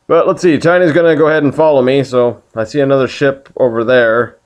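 A man's voice: mid-range voice, steady tone, brisk. A man hosting a casual video game playthrough, joking around and reading the game text aloud. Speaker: let's play host.

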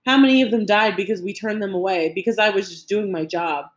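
A woman's voice: mid-range voice, fast, echoey room, lightly acted. A woman reading an audiobook voices an old Cuban grandfather who is haunted by guilt, speaking earnestly and with grief. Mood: anguished. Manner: earnest, pleading, grief-stricken.

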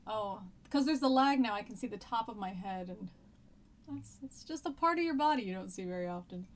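A woman's voice: mid-range voice, animated, fairly quick. A woman, a history teacher chatting casually during a live-streamed lesson, rambling with many fillers and restarts.

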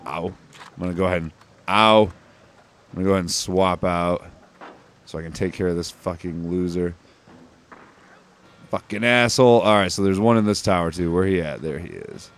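A man's voice: low-pitched, fairly even intonation, moderate pace, pauses often, a little hiss or hum. A man giving casual, offhand let's-play commentary over a walkthrough, swearing freely and dropping wry jokes. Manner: jokey, wry asides. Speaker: gameplay commentator.

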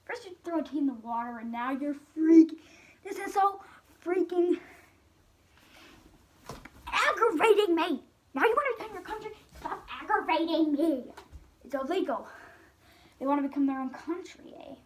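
A woman's voice: sits high, expressive, a little fast, a little mellow, slight background noise. A girl doing a whiny fed-up British official. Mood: aggravated. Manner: whiny, exasperated pleading.

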